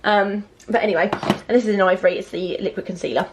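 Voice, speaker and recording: A young woman, chatting excitedly through her makeup collection with lots of fillers and asides. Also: medium pitch, quick pace, background noise. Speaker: beauty vlogger. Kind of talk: casual makeup collection vlog.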